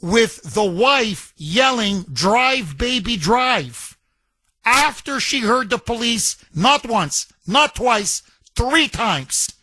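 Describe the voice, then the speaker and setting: A man's voice: very high voice, animated, slow, bright, forceful tone, no room sound. A middle-aged man hosting a talk radio show, delivering an emphatic, indignant monologue with lots of repetition.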